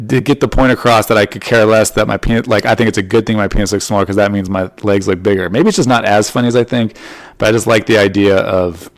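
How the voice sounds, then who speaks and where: A man hosting his own comedy podcast, talking in a loose, rambling solo monologue. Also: lowish voice. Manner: rambling, loose, full of "you know" and "like".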